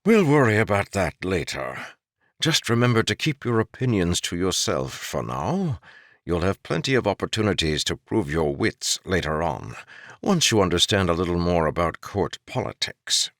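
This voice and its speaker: A wry court jester who mocks everyone with dry, knowing banter, as a man reading an audiobook puts him on. The voice sits low but swings widely in pitch. The recording is close and dry, with no room sound. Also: very animated, moderate pace, dry recording. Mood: teasing. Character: wry male court jester, mocking and worldly.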